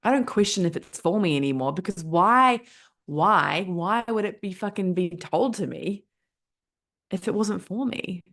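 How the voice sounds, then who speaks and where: A woman's voice: lowish voice, unhurried, fairly bright tone. A woman in her thirties with a New Zealand accent, hosting a motivational talk show in an emphatic, repetitive way, swearing freely. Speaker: podcast host. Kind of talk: casual motivational monologue.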